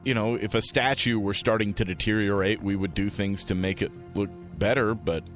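A man's voice: fairly low pitch, fairly even intonation, moderate pace, a bit bright, faint music behind. A man who does cartoon voices, guesting on a casual comedy podcast with dry quips.

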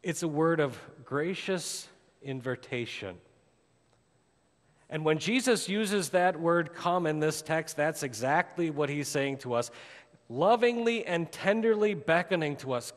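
A man, a pastor, preaching a sermon and telling a story with dramatic rises and hushed drops. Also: expressive, measured pace. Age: adult with a daughter. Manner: storytelling preacher, rising for drama, dropping low for emphasis. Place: church sanctuary. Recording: long church hall reverb.

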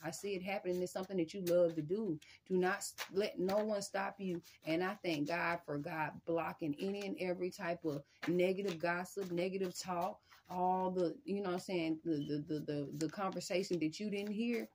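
A woman giving a casual spiritual tarot reading in a slangy, emphatic way. She keeps repeating phrases to her viewers and breaks into sudden loud, high bursts. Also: fairly even intonation, moderate pace, few pauses, a little hiss or hum. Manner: emphatic, repeats "y'all" and "I'm telling you". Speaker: tarot reader.

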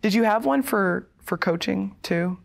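A woman's voice: medium pitch, measured pace, vocal fry. A woman hosting a sit-down interview, mostly listening and giving short encouraging replies before asking her questions. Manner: attentive, brief encouraging replies. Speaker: interviewer, team host. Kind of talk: conversational interview.

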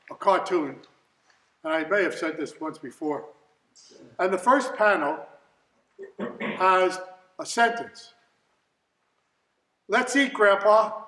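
A man, a deacon, giving a slow, deliberate sermon with touches of light humor. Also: high-pitched, a bit bright. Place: church. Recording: echoey church from far off.

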